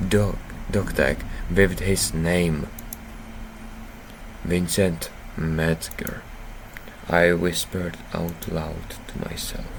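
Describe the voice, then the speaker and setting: A man playing through a visual novel, reading the narration aloud and breaking into loud, profane reactions. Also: low voice, steady tone, slow, vocal fry, pauses often, a little hiss or hum, rough recording. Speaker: game streamer. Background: faint game music.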